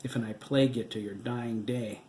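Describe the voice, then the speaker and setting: A man's voice: mid-range voice, fairly even intonation, normal speed, mellow, reverberant, slight background noise, natural voice. A man voicing the stern, unforgiving ghost of a dead husband in an audiobook, mocking and cold.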